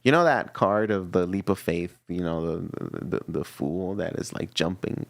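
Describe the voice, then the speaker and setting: A man giving a casual tarot reading to camera, animated and teasing, often laughing and acting out little voices. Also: low-pitched, normal speed, creaky, dry recording. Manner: teasing, playfully scolding. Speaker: tarot reader.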